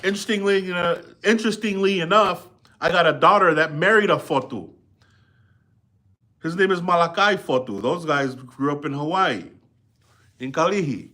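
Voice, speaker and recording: A middle-aged man reads a book aloud live with a bright, forceful voice sitting a little high for a man. He breaks off often in a relaxed, conversational way to explain and quiz his listeners. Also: normal speed. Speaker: reader and commentator. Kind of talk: live book reading with commentary.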